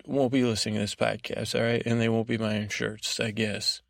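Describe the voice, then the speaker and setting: Gravelly low-voiced man rambling a story. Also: little pitch movement, no room sound, studio quality. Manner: meandering, halting, self-interrupting. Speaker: podcast host. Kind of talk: rambling improvised bedtime storytelling.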